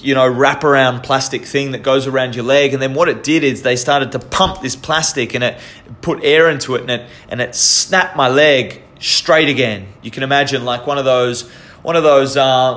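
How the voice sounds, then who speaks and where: Young Australian man, casual storyteller, earnest, halting, lots of restarts. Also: mid-range voice, fairly bright tone.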